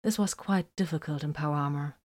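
A woman narrating an audiobook in a steady, even storytelling manner. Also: low voice, fairly quick.

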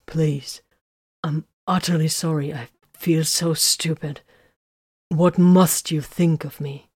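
Woman doing a wounded male soldier, pleading, halting, low voice, slow, dry sound. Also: fairly even intonation, darkish tone, breathy edge, no echo, full character voice. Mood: remorseful.

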